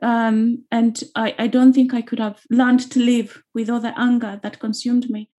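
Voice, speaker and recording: A woman's voice: on the high side, flat delivery, normal speed, dark tone. A woman from Uganda, an author being interviewed, speaking earnestly and often repeating phrases for emphasis. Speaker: author guest. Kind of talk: reflective interview talk.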